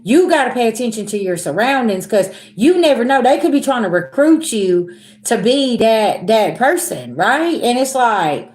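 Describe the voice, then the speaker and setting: A woman's voice: fairly high pitch, moderate pace. Blunt woman telling a story, roomy echo. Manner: animated, emphatic, blunt and profane. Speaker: spiritual reader vlogger. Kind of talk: casual storytime to viewers.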